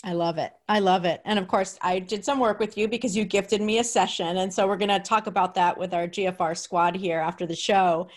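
A woman's voice: mid-range voice, fairly even intonation, a little fast, few pauses. Enthusiastic woman hosting a podcast. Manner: enthusiastic, many fillers and restarts. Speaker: podcast host. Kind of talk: casual podcast chat.

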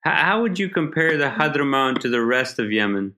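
Man, interviewer, casual questions, bright voice, mid pitch. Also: lively intonation, fairly quick. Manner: casual, prompting with "you know".

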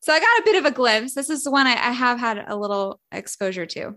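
Bright giggly woman co-host. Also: a little high, lively intonation, fast talker. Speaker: podcast co-host. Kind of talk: casual chat.

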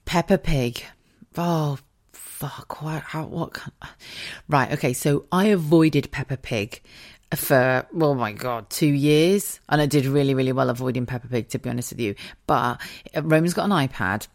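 A young mother hosts a podcast, chatting casually, laughing a lot and swearing freely. Her voice is extremely low-pitched and moderately paced, recorded with studio quality and no room sound.

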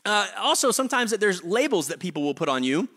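Bright-voiced, chatty young pastor. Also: male voice, high-pitched, sing-song, quick pace, slightly rough. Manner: chatty, stammers and repeats words. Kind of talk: casual, humorous sermon.

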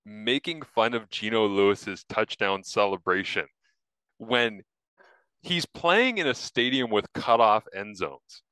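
Upbeat, chatty male sports host with a low, bright voice. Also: expressive, slow pace, clear, resonant tone, dry recording, rough recording. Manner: upbeat, chatty, laughs often. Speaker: podcast host and football analyst. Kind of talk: casual sports chat.

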